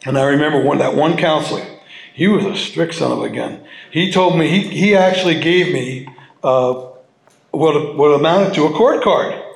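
A man with a somewhat high, gravelly voice gives a personal testimony to a gathered audience. He talks in a halting, heartfelt way, repeating and restarting his phrases. The sound is roomy, with the echo of a meeting hall. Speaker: speaker sharing his story at a recovery meeting.

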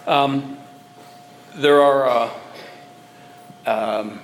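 Man, personal testimony at a group meeting, rambling and halting, average pitch. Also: a bit bright, a little hiss or hum. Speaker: speaker sharing at a recovery meeting.

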